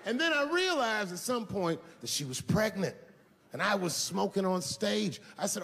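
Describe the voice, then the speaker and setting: A man doing a stand-up comedy set on a large theater stage, telling a loose story that swings from low mutters to shouted punchlines. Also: big pitch swings, moderate pace, breathy edge. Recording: live stage sound in a big reverberant hall.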